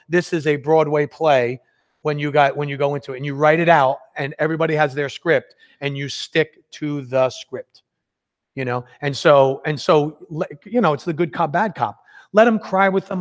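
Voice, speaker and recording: A man leading a live sales workshop, talking in an energetic, conversational way and acting out sales dialogues. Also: fairly high pitch.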